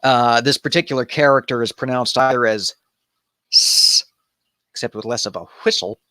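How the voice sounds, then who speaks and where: A man's voice: medium pitch, quick pace, fairly bright tone, dry recording, studio quality. A man hosting an improvised bible study, reading aloud and commenting in a casual, irreverent way with wandering asides.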